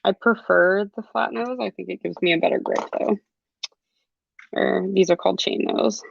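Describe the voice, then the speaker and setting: Chatty young woman instructor, gravelly fry, dry close audio. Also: medium pitch, fairly even intonation, moderate pace, dry recording, dull audio. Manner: chatty, laughs often, lots of ums. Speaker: jewelry class instructor. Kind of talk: live online craft class.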